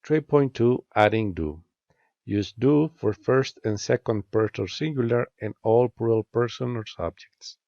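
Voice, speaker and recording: Slow, gravelly-voiced male teacher. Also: medium pitch, a little mellow, dry recording. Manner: measured, reads statement and question pairs with careful rising intonation. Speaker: English teacher. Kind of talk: slow scripted grammar lesson narration. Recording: dull, lo-fi dry voice-over.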